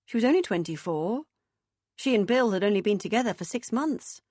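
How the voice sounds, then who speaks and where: A woman reads an audiobook in a measured, expressive way, her voice in the middle of the female range. The sound is close and completely dry, with no trace of room. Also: medium pitch, no room sound. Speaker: audiobook narrator. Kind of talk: scripted audiobook narration.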